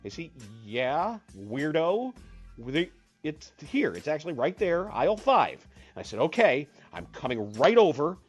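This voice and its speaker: A husky, slightly breathy storyteller whose pitch swings widely as they rant. They tell the story with comic exasperation and act out every voice in it. Faint music plays behind them. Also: very animated, unhurried.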